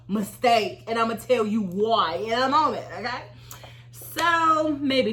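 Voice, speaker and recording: A woman in her thirties, an Army veteran, telling a storytime vlog in an animated, expressive way and acting out her own reactions. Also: fairly high pitch, takes it slowly.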